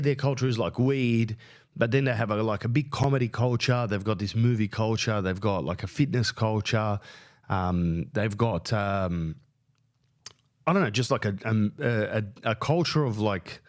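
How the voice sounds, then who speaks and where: A man with an Australian accent hosting a podcast, telling a rambling, crude, self-mocking story, his pitch jumping up when he gets worked up. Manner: crude, self-mocking, lots of fillers and restarts. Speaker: podcast host and stand-up comedian. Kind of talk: casual rambling monologue.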